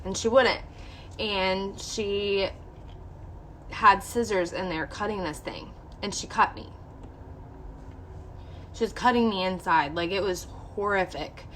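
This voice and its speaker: A woman's voice: mid-range voice, slow, pauses often, fairly bright tone, slight background noise. A young woman vlogger candidly telling a personal story to her viewers, emotional and full of "like". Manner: candid, emotional, heavy use of "like".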